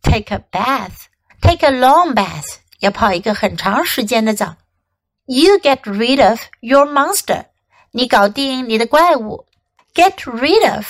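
A woman's voice: fairly high pitch, expressive, a little slow, no echo, rough recording. A woman English teacher, a native Mandarin speaker, reading a storybook bilingually, each line then its translation. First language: Mandarin Chinese.

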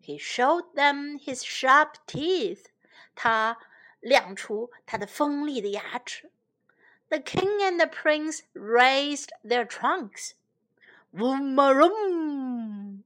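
A woman who teaches English to children, reading a storybook aloud in two languages in a slow, careful, gentle way. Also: sits high, expressive.

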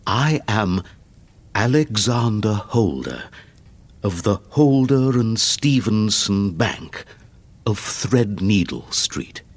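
A man voicing an anxious middle-aged banker in an audiobook, speaking quietly and hesitantly. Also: lowish voice, very animated, slow, slightly rough, no echo, exaggerated voice.

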